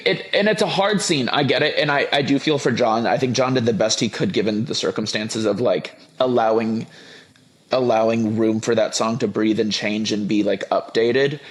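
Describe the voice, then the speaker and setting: A young man in casual chat, giving emphatic opinions in a film review, often restarting his sentences. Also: mid-range voice. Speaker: podcast guest.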